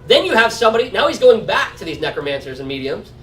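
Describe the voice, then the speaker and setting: With a high, sing-song voice and a fast, fairly bright delivery, a man talks through a casual Bible study, frequently adding "right?" The recording has roomy echo from a distant mic.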